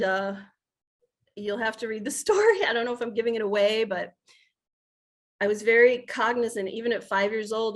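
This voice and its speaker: Earnest American woman in her fifties. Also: mid-range voice. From United States. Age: 50s. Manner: earnest and heartfelt, with restarts. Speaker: guest. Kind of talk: personal storytelling.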